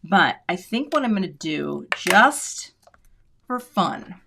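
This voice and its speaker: A woman's voice: lowish voice, sing-song, slow, creaky, noisy background. A middle-aged woman hosting a live crafting stream, chatting casually to viewers and thinking aloud as she works. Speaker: crafting livestream host. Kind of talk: casual live demo chat.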